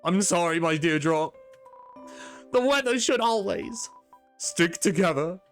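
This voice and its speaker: A woman's voice: lowish voice, lively intonation, measured pace, soft background music, pitched below the performer's own voice. A woman voicing a melodramatic, lovestruck male weather being from a game. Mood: apologetic. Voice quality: melodramatic, sappy.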